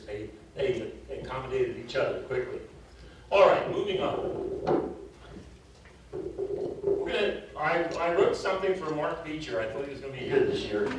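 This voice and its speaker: A man's voice: mid-range voice, lively intonation, normal speed, heavy background noise. An older man teaching a live drum clinic, counting off drills and telling stories, a little out of breath. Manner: coaching, counting off and storytelling. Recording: distant mic in echoey hall.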